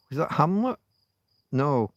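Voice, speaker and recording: A man's voice: fairly high pitch, no room sound, highs cut off. A man hosting a livestream, thinking aloud in rambling casual chat, often muttering and swearing to himself. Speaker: livestream host.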